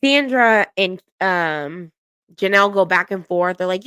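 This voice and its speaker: A woman's voice: mid-range voice, very animated, slow pace, a bit bright, clean tone, no echo, clean studio sound. Gossipy woman recapping reality TV. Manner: laughing, gossipy, swears freely. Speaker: reality show recap host. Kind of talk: casual recap commentary.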